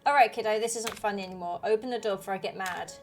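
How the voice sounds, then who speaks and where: A woman's voice: mid-range voice, fast talker, close to an everyday voice. An impatient monster in a game, copying a father's stern commands in a firm, raised voice, as a woman reads it aloud. Faint music runs under the speech.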